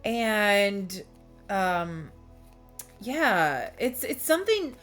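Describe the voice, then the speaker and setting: A woman reading tarot who talks straight to her viewers, rambling and emotional, often breaking off and starting her sentences over. Her voice sits at an ordinary middle pitch. Soft music plays faintly behind her. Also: sing-song, very slow. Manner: rambling, emotional, with frequent restarts. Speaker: tarot reader. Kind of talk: candid personal storytelling to viewers.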